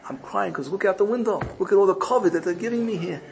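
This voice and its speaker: A man's voice: high voice, quick pace, creaky, voice pushed up. A man voicing a humble old rabbi, pleading. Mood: distressed, pleading. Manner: pleading, self-reproaching. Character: elderly humble rabbi, weeping at honor.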